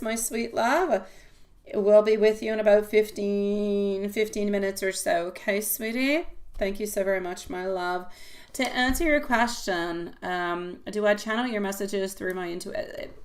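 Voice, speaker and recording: A woman's voice: medium pitch, fairly bright tone. A woman reading tarot on a live stream, chatting with viewers and calling them sweetie and my love, rambling and repeating herself. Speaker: tarot reader.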